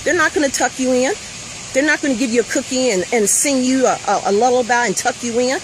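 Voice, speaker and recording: A woman's voice: high voice, quick pace, low-quality recording. Blunt, profane woman ranting over vehicle noise. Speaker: mother. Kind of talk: impassioned rant. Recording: steady vehicle noise behind.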